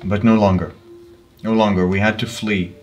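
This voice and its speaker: A man voicing an ancient, weary albino man with red eyes, speaking slowly and gravely in a put-on Russian accent. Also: on the low side, fairly even intonation, far from the mic, faint music behind, close to an everyday voice. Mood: solemn. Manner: slow, grave, heavily paused.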